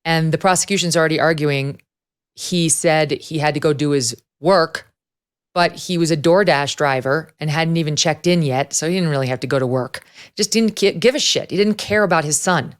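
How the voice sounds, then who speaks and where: A middle-aged woman hosting a talk show, blunt and brisk, arguing her point. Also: sits low, smooth. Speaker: host.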